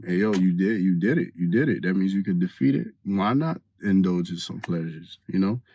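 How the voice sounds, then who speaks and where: A man's voice: deep voice, normal speed, darkish tone, highs cut off, voice pushed down. A man voicing Satan as a sly male tempter who coaxes in casual street slang. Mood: coaxing.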